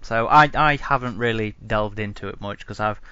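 A man's voice: lowish voice, moderate pace, pushed and bright, smooth, muffled recording. A man hosting a casual podcast chat, hesitant with many ums and restarts. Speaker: podcast host.

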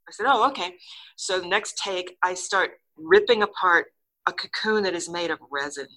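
An older woman, an actress and interview guest, telling a story in a casual, lively way and acting out the lines she quotes. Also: normal speed, rough recording. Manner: lively, acts out quotes with big pitch jumps.

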